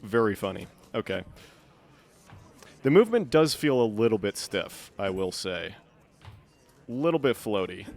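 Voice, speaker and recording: A man's voice: fairly low pitch, very animated, measured pace, pauses often, a little mellow. Joking male game streamer. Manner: chatty, joking, thinks aloud. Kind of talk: live gameplay commentary.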